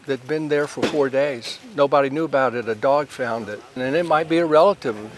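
A man speaks bluntly and gravely in a news field interview. His voice sits at a middling pitch for a man. A faint hiss runs under him. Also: a little fast. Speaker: artist and farmer.

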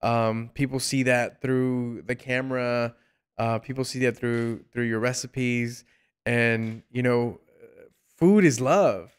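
A man hosting a casual interview, speaking in a halting way with lots of restarts and some playful teasing. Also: mid-range voice, fairly even intonation, clear, resonant tone. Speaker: podcast host.

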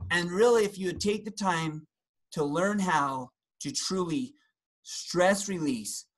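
Animated man explaining with dramatic flair. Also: high-pitched, slow pace, rough recording. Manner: animated, acts out angry outbursts and quotes. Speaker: guest health practitioner. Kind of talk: casual health discussion.

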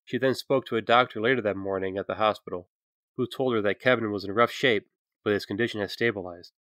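A man giving earnest, measured scripted narration for a documentary. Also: lowish voice, fairly bright tone, no echo, studio quality.

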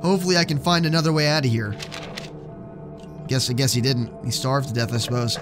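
A man's voice: medium pitch, brisk, over music. A young man commenting on a horror game as he plays, joking and swearing when startled. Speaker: let's play gamer.

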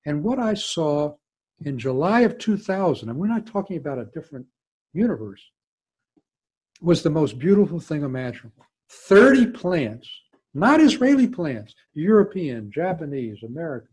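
A man's voice: fairly high pitch, darkish tone, breathy edge. An older man with a Southern US accent, a former diplomat telling emphatic, digressive anecdotes as a guest speaker. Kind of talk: storytelling talk with audience Q&A.

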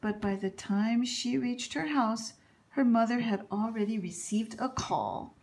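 A woman reading a children's picture book aloud in an expressive, animated storytelling manner. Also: fairly high pitch, unhurried. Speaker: reader.

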